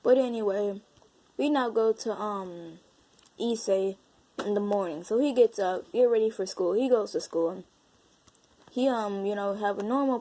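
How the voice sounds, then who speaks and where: A woman's voice: mid-range voice, mellow, poor audio. Rambling woman improvising a fan story. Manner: rambling, with many fillers and restarts. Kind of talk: improvised fan-fiction narration. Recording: music playing underneath.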